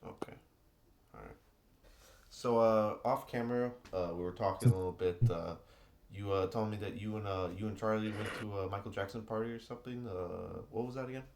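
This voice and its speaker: Podcast host guy, lowish voice, lots of "like" and "uh" in his questions. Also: fairly even intonation, a little fast, creaky, a little mellow. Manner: chatty, filler-heavy questions. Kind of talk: casual interview.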